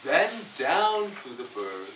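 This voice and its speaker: Woman reading a storybook aloud, lively and slow. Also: extremely low pitch. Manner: playful, inviting listeners to join in. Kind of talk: reading a picture book aloud. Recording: echoey room, far from the mic, noisy.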